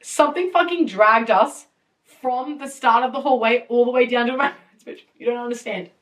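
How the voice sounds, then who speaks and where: A young woman hosting a podcast, telling a story in a casual, animated way, with lots of fillers, swearing and laughter. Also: fairly high pitch, fairly quick, distant mic. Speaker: podcast host. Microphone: podcast mic.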